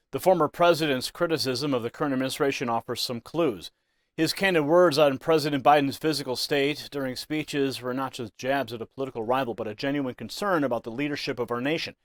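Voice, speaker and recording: A man's voice: medium pitch, brisk, no room sound. A man narrating a scripted news commentary in an ominous, emphatic way.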